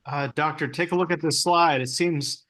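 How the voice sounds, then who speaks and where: A playful, hammy man improvising a comedy scene. His voice sits a little high for a man. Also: fairly even intonation, moderate pace, fairly bright tone. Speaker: improv player.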